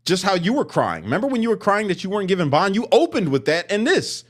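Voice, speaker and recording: A man's voice: high voice, huge pitch swings, fast. A man commenting sarcastically on protest clips, mocking and emphatic.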